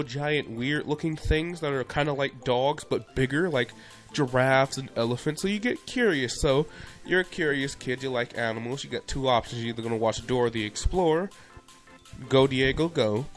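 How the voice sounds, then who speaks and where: A man's voice: mid-range voice, normal speed, faint music behind. A young man narrating a casual video commentary in a playful, conversational way with jokey asides.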